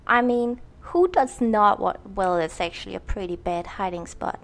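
A young woman with a mid-range voice, speaking at normal speed, offers casual let's-play commentary on a horror game. The gaming channel host is chatty and self-mocking, and she laughs a lot.

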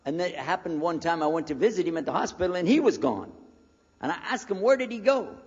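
An older American man in his sixties tells a story to an audience in a lively, lecture-style way, slipping into the voices of the people in it. His voice sits a bit high and has a husky grain. The recording is dull and lo-fi, with a long reverb from a large hall. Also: fast talker. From United States. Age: 60s. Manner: animated storyteller who acts out the dialogue. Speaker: preacher giving a lecture.

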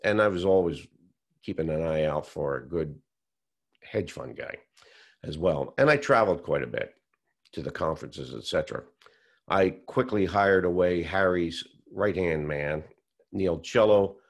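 A man with a deep, gravelly voice tells his story in an interview. He acts out the conversations he quotes as he goes. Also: lively intonation, unhurried. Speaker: whistleblower telling his story.

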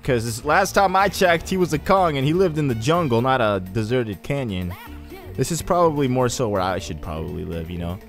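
Young male let's-play host, mid-pitched, rambling chatter, yelps when excited, faint game music behind. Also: moderate pace. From Egyptian heritage. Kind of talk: casual gameplay commentary.

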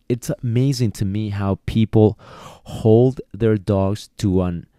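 A man's voice: lowish voice, dark tone, dry recording, studio quality. A man teaching dog training on a podcast. He speaks casually, repeats words as he goes, and acts out bits of dialogue. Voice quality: talks in a casual, repetitive way and acts out quoted dialogue. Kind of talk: solo podcast lesson.

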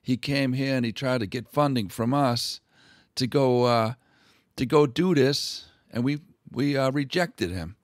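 A man's voice: medium pitch, a little slow, no room sound, lightly acted. A jealous townsman, as a man puts him on gripes and swears about someone else getting the credit. The voice stays in an ordinary male middle register. The sound is dry and close. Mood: resentful. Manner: sour, profane griping. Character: resentful male townsman, bitter and crude.

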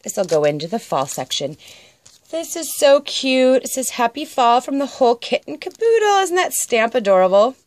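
A woman's voice: on the high side, moderate pace, dry recording. Casting note: middle-aged woman, chatty craft vlogger, easily thrilled, gushes over every card. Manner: gushing, excitable, squeals over crafts. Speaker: crafting channel host. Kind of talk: casual show-and-tell vlog.

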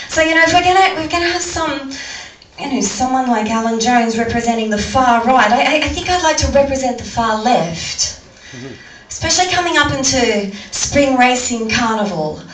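An Australian woman does stand-up at a comedy venue with an audience, rambling, stammering and often restarting her sentences. Her voice is a little high. The mic is distant, so the sound is reverberant and rough with slight background noise.

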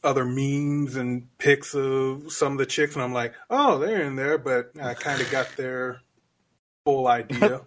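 A man's voice: medium pitch, unhurried, slight background noise. A man co-hosting a casual podcast chat, blunt and profane, rambling with fillers as he defends his ratings. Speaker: podcast co-host.

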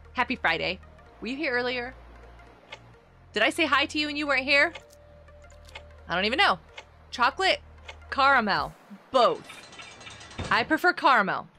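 Woman streamer chatting w viewers while gaming, high voice that swings all over, excited bursts. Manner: chatty, greets viewers by name, excited outbursts. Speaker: live streamer host. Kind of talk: casual gameplay live stream chat.

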